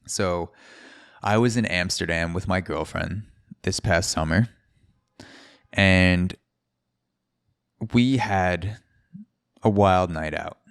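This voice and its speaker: A male podcast host tells a loose, meandering story, often restarting his sentences and dropping the odd swear word. His voice sits very low. The sound is dry and close, with no room around it. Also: takes it slowly, gravelly, long pauses, a bit bright, clean tone, no echo. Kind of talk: casual storytelling.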